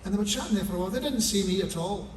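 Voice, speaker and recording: A man's voice: sits high, expressive, racing, slight background noise. An older man, a singer-songwriter, telling wry, chatty stories onstage between songs and swearing now and then. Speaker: singer-songwriter performing solo. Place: theatre stage before an audience. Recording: echoey theatre, mic heard from a distance. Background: audience ambience.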